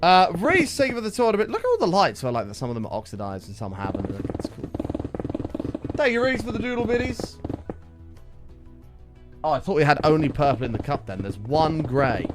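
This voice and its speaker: A man's voice: on the high side, wildly swooping pitch, a little fast, pauses often. A man streaming a video game, chatting animatedly with viewers, reading their messages aloud and swearing casually. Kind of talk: casual live gaming commentary. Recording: music playing behind.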